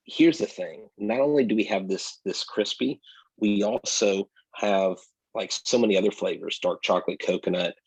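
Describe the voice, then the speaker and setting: A man's voice: low voice, darkish tone, husky, no room sound, low-quality recording. A man co-hosting a casual sports podcast, talking energetically and straight to his listeners. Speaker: podcast co-host.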